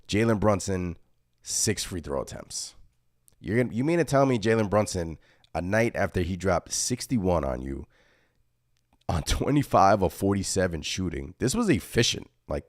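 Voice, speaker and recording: A man's voice: low voice, dry recording, clean studio sound. A young man hosting a fan postgame show, ranting in a frustrated, repetitive way and reading out viewer comments. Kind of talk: casual solo postgame rant reading viewer chat.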